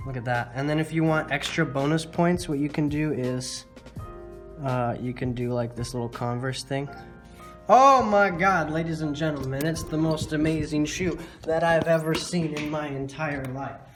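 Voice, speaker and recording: A man's voice: a little high, steady tone, moderate pace, soft background music. A man hosting a casual drawing tutorial, rambling and poking fun at his own mistakes with lots of filler words. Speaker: art tutorial host.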